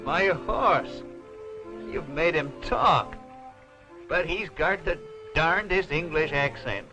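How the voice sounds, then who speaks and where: An actor playing an earnest young cowboy hero with a plain, friendly manner in an old puppet show. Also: male voice, on the high side, slow, muffled recording. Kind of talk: 1960s TV puppet show acting. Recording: old TV soundtrack with music underneath.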